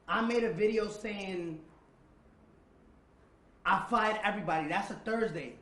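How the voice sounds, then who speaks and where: A man's voice: high-pitched, unhurried, fairly bright tone, roomy sound, poor audio. A man telling a painful personal story as an interview guest, repeating dates and phrases, swearing, and dropping to a near-whisper at the hard parts. He sits indoors across from the interviewer.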